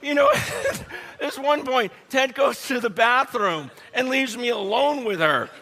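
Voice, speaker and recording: A man preaching a humorous sermon story, animated and laughing often, speaking straight to his audience. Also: very high voice, measured pace, a little hiss or hum. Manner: addresses the audience directly.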